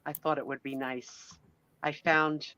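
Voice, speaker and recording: A woman's voice: sits low, little pitch movement, a little slow, sharp tone. A middle-aged woman joining a live stream as a guest, chatting fondly and giggling as she tells family news. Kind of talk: casual live-stream chat.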